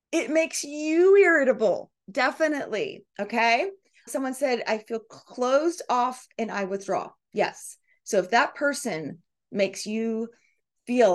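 A middle-aged woman hosting a coaching session, reading out participants' comments and acting out quoted voices. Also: medium pitch. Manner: animated, reads out group comments, acts out quoted voices. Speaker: podcast host and coach. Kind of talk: coaching talk to a live group.

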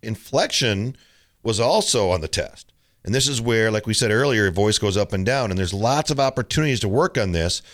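A man's voice: on the low side, a little fast. A middle-aged man hosting a tennis coaching podcast, talking casually and telling stories with mimicked quotes. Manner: relaxed storytelling with mimicked quotes. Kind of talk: casual solo podcast talk.

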